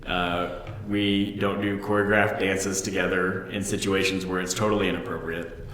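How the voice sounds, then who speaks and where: A man with a lowish voice talks movies in a loose, opinionated way, mocking what he dislikes. The sound carries a long, roomy reverb. He comes across as a sarcastic co-host. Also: little pitch movement, moderate pace, fairly bright tone. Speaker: podcast co-host. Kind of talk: casual movie chat. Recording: echoey room with long reverb.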